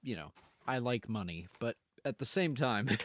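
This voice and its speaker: A man's voice: medium pitch, expressive, unhurried. A man streaming and chatting casually with his live audience, rambling, profane and self-mocking.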